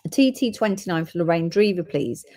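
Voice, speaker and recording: Woman, live sale host, chatty, reads codes, lowish voice. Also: expressive, a little fast, a little mellow.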